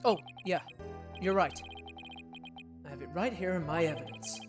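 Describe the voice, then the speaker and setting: A woman plays a wry adult male defense lawyer in a game fan dub, in a lowish voice. He reacts in a dry, deadpan way. Music plays clearly behind. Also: normal speed, natural voice.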